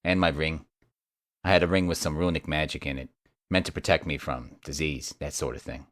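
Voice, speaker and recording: A man doing a croaky, beaten-up mage. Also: extremely low pitch, fairly even intonation, a little fast, a bit bright, no echo, studio quality. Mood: weary. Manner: blunt and profane. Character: battered young male mage, croaky and crude.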